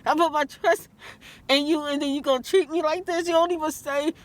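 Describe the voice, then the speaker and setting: Woman, vlogger, high pitch, fast heated talk, tearful, emotional rant. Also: steady tone.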